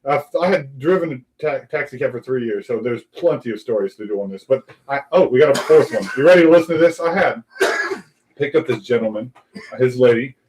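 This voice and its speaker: A podcast host with a mid-range voice runs a casual live talk show, telling a long anecdote with animation. He acts out the voices of the people in his story, and the recording is low quality.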